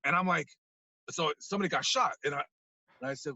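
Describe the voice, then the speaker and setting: A man, a podcast guest, animatedly telling a story, acting out scenes and swinging from hushed to loud. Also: fairly high pitch, fast, dry recording, lo-fi sound.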